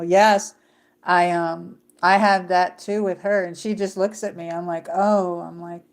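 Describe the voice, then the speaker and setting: A middle-aged woman chats on her own livestream, rambling along with plenty of ums and restarts. Her voice sits a little low, and she talks to her viewers in an easy, unscripted way. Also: flat delivery, unhurried. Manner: rambling, many fillers and restarts. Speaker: livestream host. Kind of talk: casual livestream chat.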